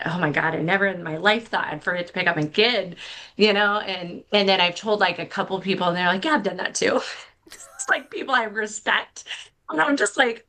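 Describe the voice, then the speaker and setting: A middle-aged woman with a medium-pitched, slightly bright voice appears as a podcast guest. She tells a candid, self-deprecating story casually, full of fillers and restarts.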